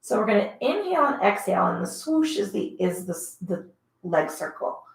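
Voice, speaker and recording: A woman's voice: mid-range voice, big pitch swings, normal speed, vocal fry. A woman leading a casual Pilates class, talking through each move, cueing breaths and counting reps while exercising along. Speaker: Pilates instructor. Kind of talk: casual guided workout instruction. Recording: echoey room.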